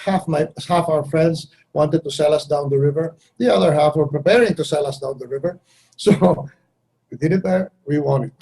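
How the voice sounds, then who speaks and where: Interview guest: older man from the Philippines, husky and mellow, blunt and wry, slips into other people's voices. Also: on the high side, normal speed, low-quality recording. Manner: blunt, wry, acts out others' lines with shifts in voice. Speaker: foreign minister, guest. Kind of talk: candid interview answers.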